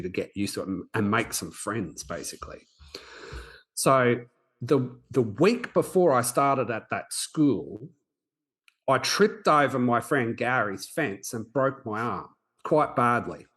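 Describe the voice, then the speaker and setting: Podcast host in his forties, mid-pitched voice, earnest storyteller who often restarts his sentences. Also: fairly bright tone. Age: 40s. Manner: earnest, reflective, frequent restarts. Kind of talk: personal storytelling.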